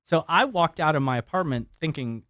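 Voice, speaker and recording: A man in his forties tells a story as a radio guest, acting out the other people's lines as he goes. His voice sits a little high. The studio sound is dry and close. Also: fairly quick, no echo. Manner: animated storyteller who acts out quotes. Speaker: guest, former FBI surveillance specialist.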